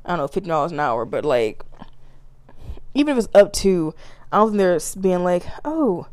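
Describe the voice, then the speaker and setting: A woman's voice: lowish voice, fairly quick, clean tone, no echo, studio quality. A woman hosting her own solo podcast, ranting casually with lots of swearing and frequent laughs. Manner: profane, animated, laughs often. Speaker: podcast host.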